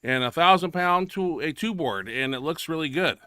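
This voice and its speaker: A man's voice: a little high, animated, moderate pace, bright, forceful tone, smooth, dry recording, clean studio sound. A man hosting a powerlifting show, rambling casually over lifting videos with restarts and filler.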